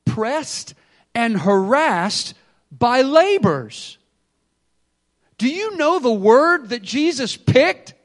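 Male pastor, high voice, energetic sermon that swings loud and soft. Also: extremely slow, pauses often. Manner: energetic preaching, acts out excuses in quotes; swings between loud bursts and quiet asides.

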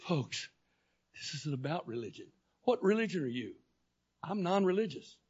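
A man preaching a sermon, telling a personal story that swings from quiet, low talk to loud, shouting intensity. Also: very animated, moderate pace, husky, lo-fi sound.

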